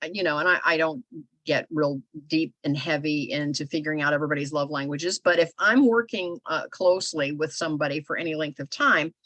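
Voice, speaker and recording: Animated middle-aged woman telling stories. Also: fairly low pitch, no room sound. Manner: animated storyteller, many filler phrases. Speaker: podcast co-host. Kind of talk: casual storytelling chat.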